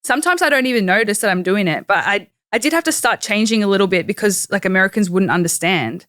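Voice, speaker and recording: A woman's voice: medium pitch, expressive, quick pace, fairly bright tone, dry recording, studio quality. A young woman with an Australian accent, chatting casually as an interview guest and dropping lots of "like" fillers. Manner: chatty, uses many "like" fillers. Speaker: professional wrestler, guest. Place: studio.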